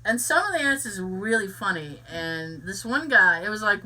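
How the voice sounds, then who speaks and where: A young woman chatting casually on a podcast, telling giggly, animated stories full of restarts. Her voice is very bright, with pitch that rises and falls widely, and she sits a little back from the mic. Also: normal speed, far from the mic. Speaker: podcast co-host. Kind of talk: casual chat.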